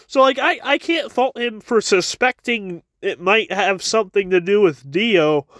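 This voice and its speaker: A man's voice: sits high, animated, measured pace, hardly any pauses, a bit bright, dry recording. A man giving a casual chapter review with wry asides, often stammering and repeating his words.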